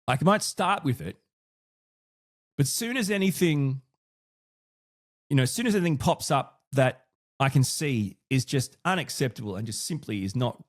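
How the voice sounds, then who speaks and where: Man, podcast host, casual solo talk, animated pitch, mid-range voice, frequent restarts. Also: normal speed, long pauses. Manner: thinks aloud, with many restarts and asides.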